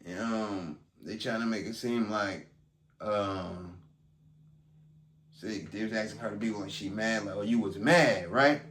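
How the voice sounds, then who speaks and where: A man with a low voice talks through events in a casual, rambling way, leaning on ums. He sits back from the mic, so the room rings around him. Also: steady tone, unhurried, long pauses, a bit bright. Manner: loose and conversational, full of ums. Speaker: vlogger recapping a court trial. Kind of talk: casual commentary. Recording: roomy sound, distant from mic.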